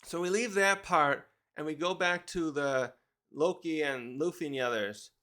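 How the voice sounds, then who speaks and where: A man's voice: on the high side, moderate pace, bright, forceful tone. A man casually reviewing a manga chapter, rambling, correcting himself and reading the panels aloud.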